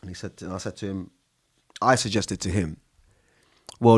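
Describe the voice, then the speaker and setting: A man's voice: low-pitched, normal speed, slightly rough, no echo, clean studio sound. A man hosting a solo podcast, talking in an impassioned, profane way and jumping between topics. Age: adult with an older son. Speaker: podcast host.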